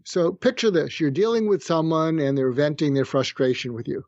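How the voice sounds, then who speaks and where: A middle-aged psychiatrist, a guest on a conversational podcast interview, calmly and methodically explains conflict techniques, slowing down to act out sample lines. His voice is somewhat high, and the dry, slightly muffled sound suggests a remote link, with street noise outside the room.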